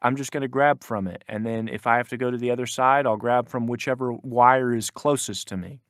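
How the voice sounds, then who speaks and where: A man's voice: mid-range voice, steady tone, a little fast, a bit bright, no echo, clean studio sound. Rambling young man telling a story. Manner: rambling, many restarts, quotes people in put-on voices. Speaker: podcast co-host. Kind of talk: casual storytelling chat.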